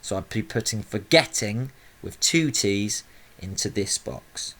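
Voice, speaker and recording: A man's voice: fairly low pitch, lively intonation, measured pace, fairly bright tone. A man teaching a spelling lesson to young schoolchildren, explaining patiently and sounding out words syllable by syllable. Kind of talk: recorded spelling lesson for children.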